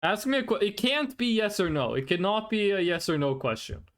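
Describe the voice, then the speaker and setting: A streamer in a casual live-stream chat, rambling and excitable and often repeating words. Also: mid-range voice, a little fast.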